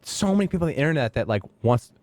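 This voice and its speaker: Laid-back, swearing musician guest. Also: male voice, medium pitch, very animated, rapid-fire, a little mellow, no echo. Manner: laid-back, swears casually, laughs often. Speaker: guest, metal vocalist. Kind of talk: casual podcast chat.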